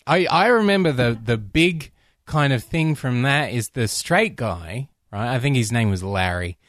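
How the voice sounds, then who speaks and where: A man's voice: mid-range voice, a little slow, dry recording, studio quality. A man co-hosting a film podcast, talking casually and rambling with many restarts. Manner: rambling, animated, restarts often. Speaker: podcast co-host.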